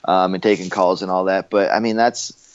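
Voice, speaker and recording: A man co-hosting a podcast, laid-back and rambling, with lots of fillers. His voice sits low, and the sound is dull and lo-fi. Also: steady tone, moderate pace, clear, resonant tone. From Canada. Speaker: podcast co-host. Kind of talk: casual podcast chat.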